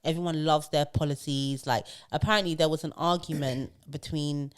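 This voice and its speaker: A woman with a low-pitched voice co-hosts a podcast in relaxed, casual chat. She talks in an animated way and often slips into mocking impressions of posh speakers. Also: moderate pace. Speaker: podcast co-host.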